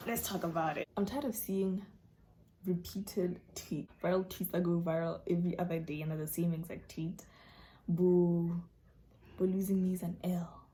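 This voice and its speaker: Young woman, casual vlog chat, acts out dialogue animatedly, warm lowish voice. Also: steady tone, moderate pace. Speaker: vlogger answering viewer questions.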